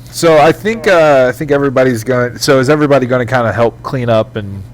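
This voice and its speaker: A man narrating as game master in a relaxed, casual way over a faint hum. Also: medium pitch, fast.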